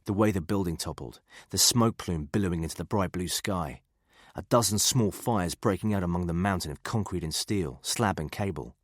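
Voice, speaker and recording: A man reading a thriller audiobook in a measured, even way. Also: low voice, no room sound, studio quality. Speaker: audiobook narrator. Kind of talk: scripted thriller narration.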